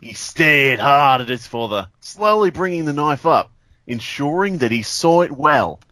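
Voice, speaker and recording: A man's voice: on the high side, lively intonation, a little slow, sharp tone, no echo. A man co-hosting a comedy podcast, reading a creepy story aloud and riffing playfully. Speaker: podcast co-host. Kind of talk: joking read-aloud.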